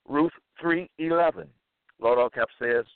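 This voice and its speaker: A man reading scripture aloud and commenting on it in a slow, deliberate, repetitive way. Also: fairly high pitch, vocal fry, smooth, no echo. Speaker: monologue speaker. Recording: tinny phone-like line, dry.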